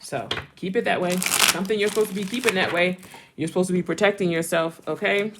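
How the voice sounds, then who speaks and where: A woman's voice: fairly low pitch, quick pace, heavy background noise. A woman giving a casual, chatty tarot reading, repeating phrases and laughing often. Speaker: tarot reader.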